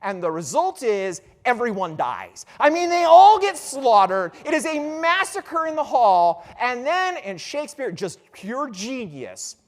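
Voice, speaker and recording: A man giving a lively conference lecture, telling the story with dramatic emphasis and casual asides to the audience. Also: extremely high pitch, a little slow, hardly any pauses. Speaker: conference speaker on classical education.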